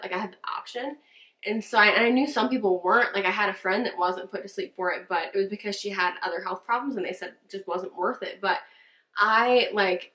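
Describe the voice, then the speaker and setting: A woman's voice: medium pitch, bright, forceful tone. Chatty young woman in an echoey room. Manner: chatty, rambling, many fillers and restarts. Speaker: vlogger and church worship leader. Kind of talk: casual storytime vlog. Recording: roomy echo.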